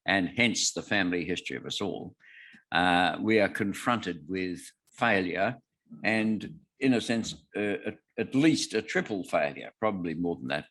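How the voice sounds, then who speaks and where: Older Australian man, deep halting lecture voice. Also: fairly bright tone. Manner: halting, many filler sounds, dry humor. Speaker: guest speaker. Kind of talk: lecture on scripture.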